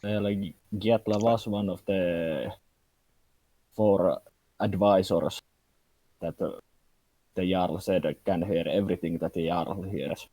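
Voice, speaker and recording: Very deep-voiced man, hesitant. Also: steady tone, warm tone, no room sound. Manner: hesitant, deliberate, with pauses on "uh". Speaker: tabletop game player. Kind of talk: casual planning talk at the game table. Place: home, online voice chat.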